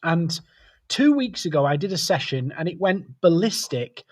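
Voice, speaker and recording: Male webcast host, slightly high voice, casual and chatty. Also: sing-song, moderate pace. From United Kingdom. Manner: chatty, greets viewers by name. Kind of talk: live webcast chat.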